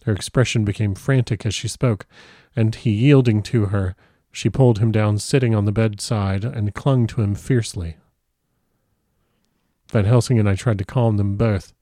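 A man reading a novel aloud in an unhurried, dramatic manner. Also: fairly low pitch, fairly even intonation, mellow, no echo, clean studio sound. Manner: unhurried dramatic reading, stumbles and comments aside. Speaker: audiobook reader.

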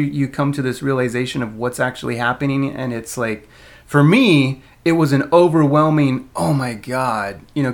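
A man chatting casually on a podcast, animated and rambling, often breaking into laughter. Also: medium pitch.

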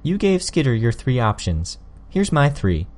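A man voicing a sly, sharp-tongued teenage girl villain in an audiobook, smug and needling. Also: medium pitch, sing-song, unhurried. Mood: challenging. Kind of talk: audiobook character voice.

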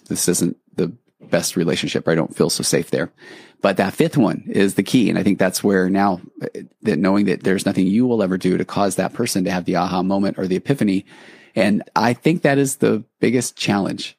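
A man's voice: low-pitched, fairly quick, darkish tone, husky, no echo. A man hosting a podcast, talking in an earnest, reassuring and reflective way, with conversational restarts. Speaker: podcast host. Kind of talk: casual podcast monologue.

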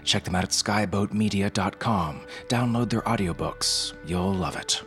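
Deep-voiced guy hosting a podcast, chatty and excited, music playing under him. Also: moderate pace. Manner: upbeat, chatty and enthusiastic. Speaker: podcast host. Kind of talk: casual show introduction.

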